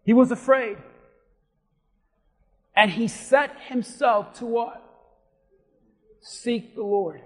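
A pastor with a strikingly high voice preaches a sermon in a church. His delivery swings from steady teaching to impassioned, shouted appeals, and the sound rings with the long reverb of a large hall. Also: slow pace, long pauses. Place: church sanctuary.

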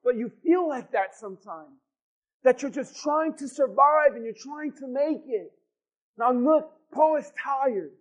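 A man's voice: very high-pitched, lively intonation, unhurried. A male pastor preaching a sermon in a church, driving points home with repetition and rhetorical questions to the congregation, on a dull, lo-fi recording. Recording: dull lo-fi sound.

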